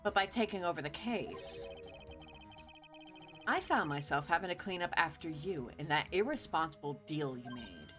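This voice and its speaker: A woman's voice: sits low, lively intonation, moderate pace, over music, pitched below the performer's own voice. A woman putting on a haughty mock-German prosecutor. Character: proud young female prosecutor, haughty, tough.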